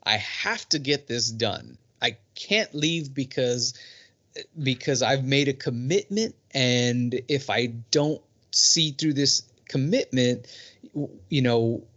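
Man, mid-pitched voice, hesitant and reflective, casual chat, dull lo-fi sound. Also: lively intonation, takes it slowly, a bit bright. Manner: reflective, hesitant, repeats words. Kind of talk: casual conversation.

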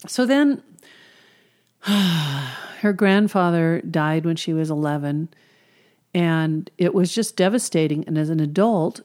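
Hypnotherapist lady telling client stories, kinda low voice, earnest and chatty. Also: darkish tone. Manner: earnest, conversational, with fillers. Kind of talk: storytelling about client sessions.

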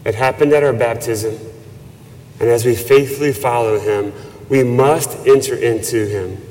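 A man preaching a sermon as a priest, slow and measured with reverent emphasis. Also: medium pitch, darkish tone. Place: church. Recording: long church reverb.

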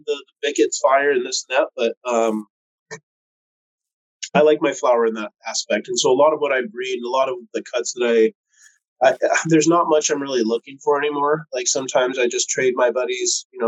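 A man's voice: mid-range voice, rough recording. A man in casual chat who tells long stories, swearing freely and filling gaps with "um" and "like." When he quotes other people, he acts out their voices. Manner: profane, laid-back, lots of fillers. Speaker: cannabis breeder guest.

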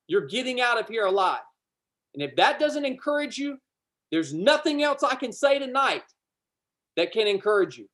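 A man preaching a livestreamed sermon, fervent and repetitive, rising to loud declarations and dropping to chatty asides. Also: high voice. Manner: fervent, repetitive, swells loud then drops to casual asides.

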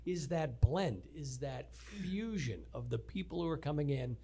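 A man co-hosting an interview show, adding quick joking asides in casual chat. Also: fairly high pitch, lively intonation, dark tone, breathy edge. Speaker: podcast co-host.

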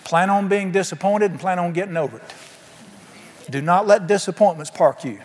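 A man's voice: high voice, moderate pace. Man, pastor, sermon, emphatic, questions to the congregation, echoing church hall. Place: church sanctuary. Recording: long hall reverb.

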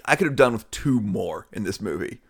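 A man's voice: fairly low pitch, lively intonation, fairly quick, creaky. Man trading jokey asides in chat. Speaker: podcast co-host. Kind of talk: casual chat.

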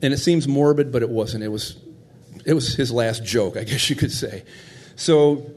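A man's voice: medium pitch, moderate pace, darkish tone. A middle-aged man telling a heartfelt personal story in a conversational, tender way.

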